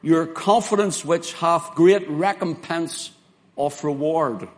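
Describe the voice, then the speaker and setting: A man preaching a sermon in an earnest, emphatic way, quoting scripture in King James phrasing. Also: a little high. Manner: earnest, emphatic preaching with slow spelled-out words and dramatic quoted lines.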